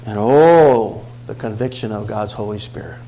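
A male pastor preaching a sermon, telling a personal story with dramatic swings from hushed tones to shouts. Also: fairly low pitch, normal speed, vocal fry, rough recording.

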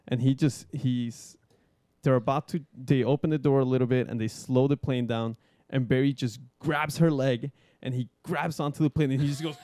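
A man's voice: mid-range voice, lively intonation, measured pace, darkish tone. A young man telling stories in casual podcast chat, laid-back, swearing often, with many fillers. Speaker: guest skydiver.

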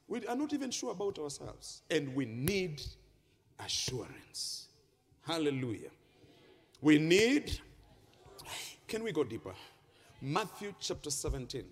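A man preaches in a reverberant church hall, his high voice swooping through a wide, lively range. He reads scripture aloud and lifts key phrases into a chanting, sing-song delivery. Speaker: pastor. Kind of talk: sermon. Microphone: handheld microphone.

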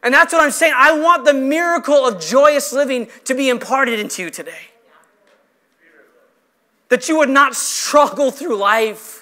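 A male pastor preaching a sermon with impassioned, emphatic delivery, stretching out key phrases slowly. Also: very high-pitched, sharp tone. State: emotional.

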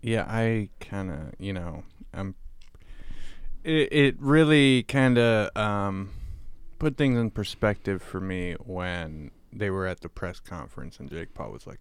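Smooth, low-voiced laid-back podcast man. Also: expressive, unhurried, dry recording. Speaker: podcast co-host. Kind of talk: casual chat.

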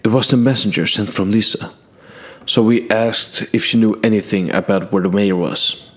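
Speaking in character in a steady tone and fairly low pitch, a male storyteller tells a king of his earlier exploits in a fantasy tale, earnest and measured, in the first person.

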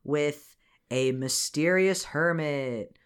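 A woman with a low, clean voice speaks at a slow pace while co-hosting a podcast. She recaps a cartoon film in casual chat, laughing, swearing, and acting out scenes in silly voices.

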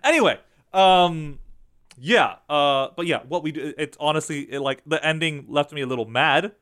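A man's voice: a little high, moderate pace, fairly bright tone. A man co-hosting a podcast in casual chat, rambling with fillers and restarts. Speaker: podcast co-host.

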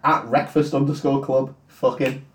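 Man, podcast co-host, swearing recap, mid-pitched voice, roomy sound, mic set back. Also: flat delivery, normal speed, distant mic. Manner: sweary, storytelling recap, laughs often. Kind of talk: casual chat retelling a film.

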